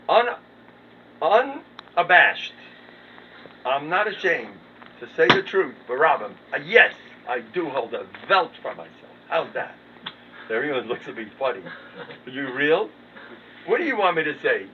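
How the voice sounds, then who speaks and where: A rabbi giving a humorous Torah talk, self-mocking and swinging from low mumbled asides to loud emphatic bursts. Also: male voice, animated, moderate pace. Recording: distant, tinny phone-quality recording with background noise.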